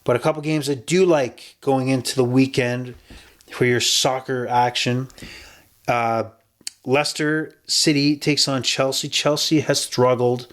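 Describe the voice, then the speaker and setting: A man talks through his sports betting picks as a podcast host, in a mid-pitched voice. He rambles casually and often stops to correct himself before pushing on with the next pick. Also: steady tone, a little slow, a bit bright. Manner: chatty and rambling, with self-corrections.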